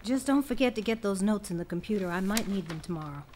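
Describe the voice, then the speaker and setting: Woman acting as middle-aged scientist, weary, guarded, measured, mid pitch. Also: lively intonation, darkish tone, a little hiss or hum, close to an everyday voice. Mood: tired.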